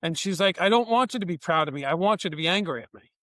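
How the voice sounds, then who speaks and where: A man's voice: high-pitched, fast talker, no room sound. A man, a business owner, telling workplace stories in a podcast interview and acting out the dialogue in them. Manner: animated, acts out dialogue in his anecdotes. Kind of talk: conversational storytelling.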